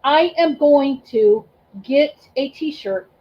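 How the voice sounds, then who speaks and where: A woman's voice: high voice, expressive, lo-fi sound. Effusive woman hosting a livestream. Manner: emotional, effusive, thanks chat by name; halting, many ums and restarts. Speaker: livestream host and reseller. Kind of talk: casual livestream chat.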